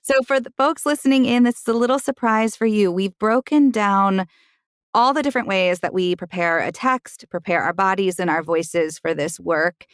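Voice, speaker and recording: A woman's voice: medium pitch, normal speed, no echo. A woman from Alabama hosts a roundtable chat. Her voice sits in a middle register and is recorded dry and close, with no room sound. She muses aloud and circles back through restarted phrases. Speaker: podcast co-host. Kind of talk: roundtable conversation.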